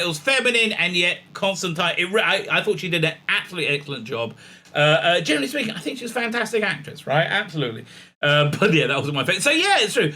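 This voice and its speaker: A man talks through a rambling, sarcastic commentary, reading bits of articles aloud and stopping often on fillers and restarts. His voice is fairly high and bright, with a sharp, forceful edge. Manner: sarcastic, mocking, often puts on silly gushing voices; many fillers and restarts, reads out article passages. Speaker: commentary channel host. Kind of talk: casual ranting commentary.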